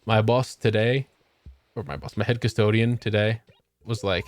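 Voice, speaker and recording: A man's voice: on the low side, steady tone, fairly quick. A young man streaming a game, chatting casually and joking with swearing, tired after a long work shift. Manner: laid-back, swearing, joking. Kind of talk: casual chat while gaming.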